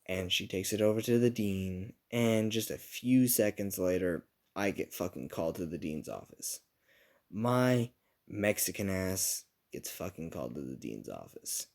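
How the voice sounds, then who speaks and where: A man's voice: sits low, expressive, a little slow, gravelly, a little mellow. A young man telling a rambling, profane, self-mocking story about his school days in a casual vlog.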